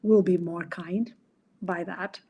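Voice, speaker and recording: Warm, husky middle-aged woman coach. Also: fairly low pitch, fairly even intonation, slow. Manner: earnest, acts out quoted dialogue. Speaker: podcast host and coach. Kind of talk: casual explanatory talk.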